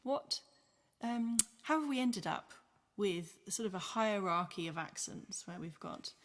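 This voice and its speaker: A woman's voice: medium pitch, expressive, a little slow, slight background noise. A woman from near Birmingham who hosts a podcast, talking casually and murmuring agreement as she listens. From England, near Birmingham. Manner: attentive, with frequent murmured agreement. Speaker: podcast host. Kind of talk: casual discussion.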